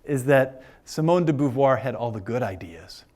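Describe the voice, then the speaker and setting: A man's voice: mid-range voice, expressive, normal speed, a little mellow. A man giving an informal philosophy lecture to a class of older adults, chatty and joking with frequent fillers. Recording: lecture room.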